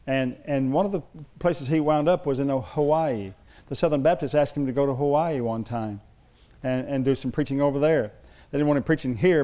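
A man's voice: medium pitch, mellow. A middle-aged male pastor preaching a sermon, telling stories in a loose, rambling way with restarts.

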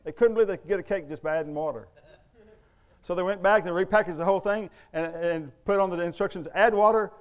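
With a high voice and a fast pace, a middle-aged man preaches a sermon in church. The pastor sounds emphatic and conversational, asking plenty of rhetorical questions.

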